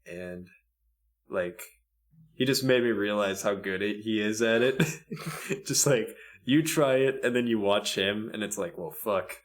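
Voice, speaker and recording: A man's voice: lowish voice, measured pace. Laid-back young man, easy laugh. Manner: laid-back, laughs often, swears casually. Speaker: podcast co-host. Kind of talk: casual chat.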